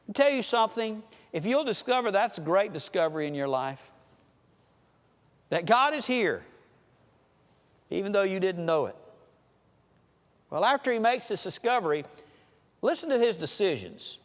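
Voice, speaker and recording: A man preaching a sermon, telling folksy farm stories and swinging between loud and soft delivery. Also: high voice, very animated, normal speed, pauses often, long reverb tail. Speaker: pastor.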